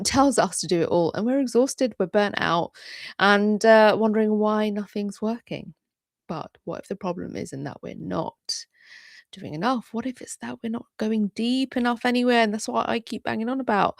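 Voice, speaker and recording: A woman, hosting an advice vlog in a chatty, emphatic way with hushed asides. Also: mid-range voice, moderate pace, no echo, clean studio sound. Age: 40s. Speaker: creator coach and channel host. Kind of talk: direct-to-camera advice vlog.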